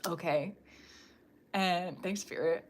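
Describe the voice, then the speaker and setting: A woman giving a live-streamed psychic reading from a room at home, talking straight to the viewer in a loose, rambling, animated way. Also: on the low side, slow pace, slight background noise. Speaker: tarot reader.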